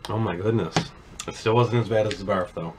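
A man's voice: on the low side, brisk, background noise. A man co-hosting a casual taste challenge video, with dry, understated comments. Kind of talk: casual on-camera chat.

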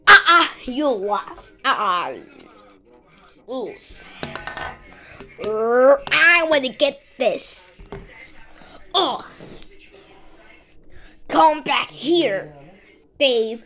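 Playing with minion toys, a woman narrates in a slow, high voice and broken English. Her delivery is animated and playful, shifting between scolding and squealing.

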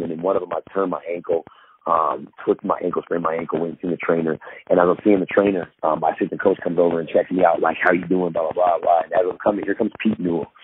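Deep-voiced man telling stories over a phone line. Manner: rambling and animated, full of restarts, acts out quotes. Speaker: guest, former pro basketball player. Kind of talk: storytelling in a podcast interview. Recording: tinny phone-line sound, faint hiss.

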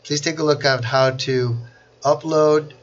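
A man teaching a software class, walking through each click step by step in a screen-recorded tutorial. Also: a little high, steady tone, a little slow, highs cut off. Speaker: instructor.

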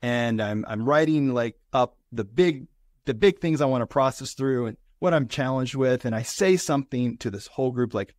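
A man's voice: medium pitch, moderate pace, darkish tone, no room sound. Middle-aged male consultant guest, earnest storyteller, mid-range voice, dry studio sound. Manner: earnest, reflective, speaks in short building phrases. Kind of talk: conversational interview storytelling.

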